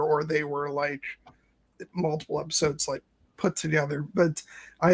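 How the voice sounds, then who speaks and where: A man in his late thirties speaks in a casual podcast chat, his fairly high voice edged with a gravelly fry. He talks earnestly and reflectively, letting his sentences wind along as he thinks out loud. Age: late 30s. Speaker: co-host, first-time viewer.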